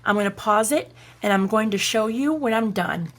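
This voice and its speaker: A woman's voice: mid-range voice, animated, moderate pace, fairly bright tone. A woman hosting a craft tutorial, chatting enthusiastically as she demonstrates each step. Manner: chatty and enthusiastic, narrating her steps. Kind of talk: casual hands-on craft demonstration.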